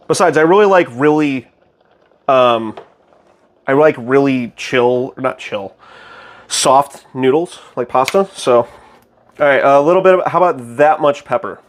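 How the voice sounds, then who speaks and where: A young man casually chatting with his stream chat while cooking, excitable, goofy and loud. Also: medium pitch, a little slow.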